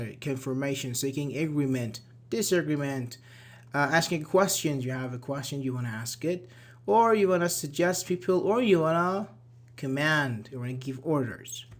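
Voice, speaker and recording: Man teaching an online grammar class. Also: on the high side. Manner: explains patiently, repeats key words, often says "uh" and "okay".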